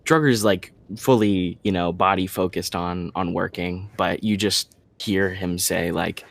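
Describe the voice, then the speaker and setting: A man's voice: sits low, steady tone, a little slow, gravelly, few pauses, dry recording. A man playing a tabletop game who describes his character's actions in a laid-back way with fillers. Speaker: player. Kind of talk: casual tabletop game play.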